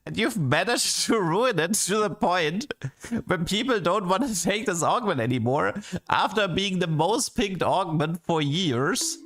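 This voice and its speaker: A man's voice: sits high, expressive, unhurried, fairly bright tone. A man streaming games and ranting in a casual, exasperated way, full of restarts and "like". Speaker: game streamer. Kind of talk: casual livestream commentary.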